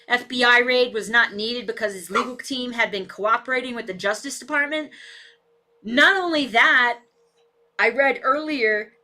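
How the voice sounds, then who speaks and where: Her voice sits on the high side, sounding pushed and bright, as she streams political commentary live from a messy home room. She's blunt and swears heavily, even talking back to her barking, restless dog. She speaks into a desk microphone with a camera.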